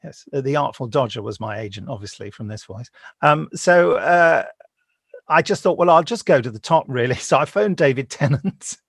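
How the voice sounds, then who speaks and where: A middle-aged man with a gravelly, creaky edge to his voice tells his stories on a video call from home. The sound is close and dry. He tells them in a lively way, slipping into the voices of the people he quotes. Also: mid-range voice, moderate pace, no room sound. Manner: lively storyteller who acts out the voices he quotes. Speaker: voice actor. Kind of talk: anecdotal interview chat.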